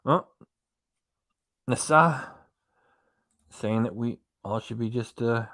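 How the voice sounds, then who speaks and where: A man's voice: mid-range voice, slow, fairly bright tone, no room sound, clean studio sound. Folksy man chatting with viewers. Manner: reads viewer comments aloud and answers them, folksy and joking. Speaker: livestream host. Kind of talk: casual late-night livestream chat. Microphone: desk microphone.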